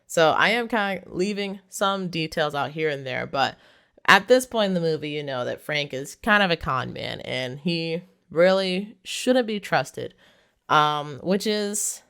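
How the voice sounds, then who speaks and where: A movie reviewer walks through a plot in a loose, chatty way, with plenty of ums and likes and little chuckles. The voice is smooth and clear, sitting at an ordinary middle pitch. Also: a bit bright. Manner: rambling, lots of fillers, chuckles often. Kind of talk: casual plot recap.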